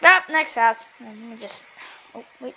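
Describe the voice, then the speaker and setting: A woman giving casual commentary on her own gameplay, talking to herself and bursting into excited yelling. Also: fairly high pitch, a little slow, husky, highs cut off. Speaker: gameplay streamer.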